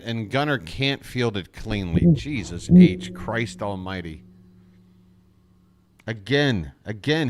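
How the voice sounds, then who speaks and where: Exasperated fan calling a baseball game. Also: male voice, mid-range voice. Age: adult. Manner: exasperated, sarcastic, jokey asides. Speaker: fan play-by-play host. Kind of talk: live fan play-by-play commentary.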